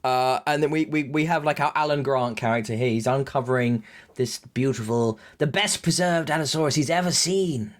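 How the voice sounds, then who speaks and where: A man co-hosting a podcast, chatting casually and excitably on a headset mic, acting out the scenes he describes. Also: medium pitch, moderate pace. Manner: excitable, jokey, acts out scenes. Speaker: podcast co-host. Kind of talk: casual recap chat.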